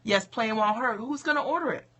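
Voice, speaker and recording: A woman coach talks live to her viewers in an upbeat, encouraging way, often checking in with them as she goes. Her voice is bright and forceful and sits a little high. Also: quick pace. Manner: upbeat and encouraging, keeps asking "okay?" and "right?". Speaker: coach for mothers in business. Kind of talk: motivational livestream talk.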